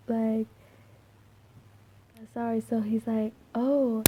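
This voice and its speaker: A soft-spoken young woman with a slightly scratchy voice, rambling through a casual vlog with many fillers and restarts. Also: a little high, little pitch movement, very slow, long pauses. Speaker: vlogger.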